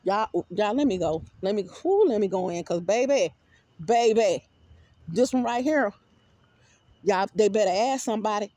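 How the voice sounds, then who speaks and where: A woman talks straight to her viewers in an unscripted, rambling monologue. She is animated and emphatic, circles back over her own words, and swears without a second thought. Her voice sits in a middle pitch and sounds dry and close, with no room echo. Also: normal speed. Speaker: vlogger.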